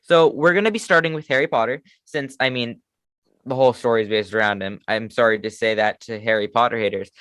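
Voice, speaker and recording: A man co-hosts a casual fan podcast, speaking briskly in a mid-range voice with a fairly bright, clean tone. He chats enthusiastically and pokes fun at himself. The studio-quality recording has no echo.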